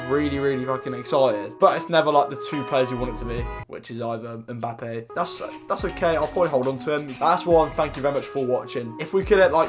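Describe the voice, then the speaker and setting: Young man, English accent, slightly high voice, rambling gaming commentary, music behind. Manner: chatty, rambling, with lots of fillers. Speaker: gaming YouTuber.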